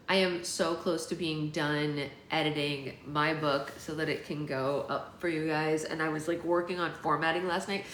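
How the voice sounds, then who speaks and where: A woman's voice: low-pitched, fairly bright tone. Chatty woman hosting a livestream book club. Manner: chatty, many fillers, answers viewers by name. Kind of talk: casual livestream chat. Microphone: phone livestream. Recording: roomy with faint background noise.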